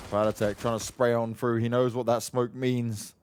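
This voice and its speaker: A man casting an esports match, giving play-by-play commentary with excitable, joking banter alongside his co-caster. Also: mid-range voice, moderate pace. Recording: noisy game sound behind voice.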